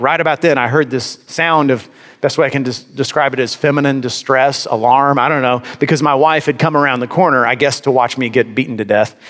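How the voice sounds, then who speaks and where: A man's voice: mid-range voice, brisk, a bit bright, in a large hall. A man preaching a sermon, telling a personal story with wry, self-deprecating humor. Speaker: pastor.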